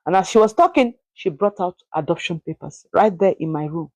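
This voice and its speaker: Woman vlogger, low and mellow, emotional storyteller who stumbles and repeats herself. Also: expressive, no room sound, poor audio. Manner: emotional, halting, repeats words. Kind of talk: personal storytelling.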